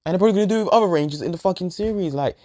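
A man's voice: high voice, very fast, warm tone. A man ranting in a show review, exasperated and profane, repeating himself and trailing off in sighs. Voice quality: exasperated, sweary, repetitive.

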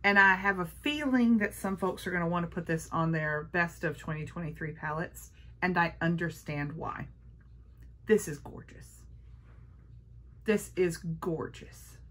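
A woman vlogger chatting casually through a makeup haul, gushing and playful, sometimes dropping to a hush. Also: lowish voice. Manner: gushing, playful, talks to her palettes.

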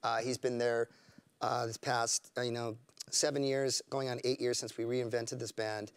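A man, a rock band frontman, chatting as a guest in an interview, enthusiastic and warm, leaning on fillers. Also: mid-range voice, flat delivery, normal speed, clean tone, no room sound. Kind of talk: casual interview chat. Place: studio, for a live web broadcast. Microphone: studio microphone.

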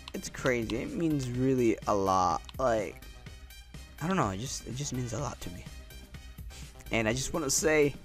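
This young gaming channel host, whose voice is on the high side, narrates his gameplay in an excitable, casual way. His exclamations often come out repeated.

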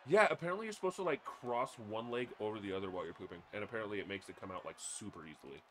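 A man's voice: lowish voice, animated, racing, a little hiss or hum. A man co-hosting a casual comedy podcast, rambling and crude with frequent giggles. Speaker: podcast co-host.

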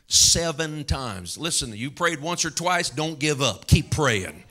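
A man's voice: mid-range voice, animated, unhurried, sharp tone. A male pastor preaching a fervent sermon in church, calling out hallelujahs and laughing between points.

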